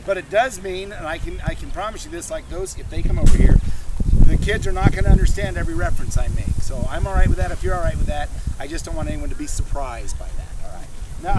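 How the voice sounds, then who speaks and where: A man in his fifties doing a live crowd-work comedy show at a fair, bantering loudly and chuckling at his own jokes. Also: sits high, fast talker. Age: 50s. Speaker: street comedy performer. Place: outdoors at a busy renaissance fair. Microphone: handheld camera in the audience. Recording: loud outdoor crowd on a windy day.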